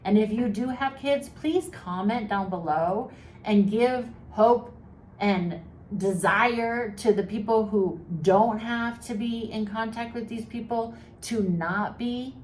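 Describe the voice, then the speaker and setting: On the high side and slow, her slightly mellow voice carries direct-to-camera mental health advice for her viewers. The vlogger is kind and chatty, with teasing sarcasm, and the room sounds echoey with faint noise.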